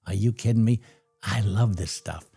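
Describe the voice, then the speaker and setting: A man hosting a live trading stream, talking in an animated, ranting and excitable way. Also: lowish voice, moderate pace, vocal fry, slightly rough.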